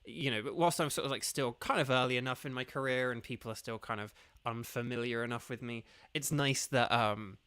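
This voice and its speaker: A man's voice: medium pitch, a little fast, fairly bright tone, smooth, no echo. An English man, a voice actor, chatting casually on a livestream, rambling with many fillers and restarts. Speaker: streamer and voice actor.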